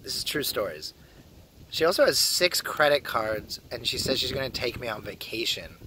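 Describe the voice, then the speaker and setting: A young man from Canada rambling crudely through a casual vlog, joking a lot and often dropping to a hushed mutter, recorded outdoors in a public spot. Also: medium pitch, very animated, moderate pace, a little hiss or hum. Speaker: vlogger.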